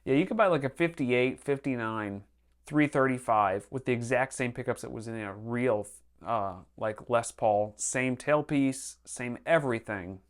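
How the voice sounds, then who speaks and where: A man's voice: medium pitch, measured pace. Rambling male guitar-show co-host. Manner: rambling, loose, with fillers. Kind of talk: casual chat about guitars.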